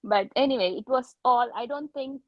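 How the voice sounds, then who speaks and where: A woman's voice: a little high, moderate pace, no echo, muffled recording. A woman surgeon candidly recounting her exam experiences at an informal online meet-up, often correcting herself mid-sentence. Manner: candid anecdotal storytelling, frequent self-corrections.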